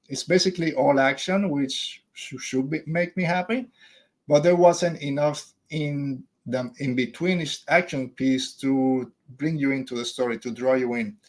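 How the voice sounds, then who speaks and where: A man's voice: on the high side, a little slow. A man, a father in his thirties, hosting a podcast and giving blunt, opinionated takes in a casual review. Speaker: podcast host.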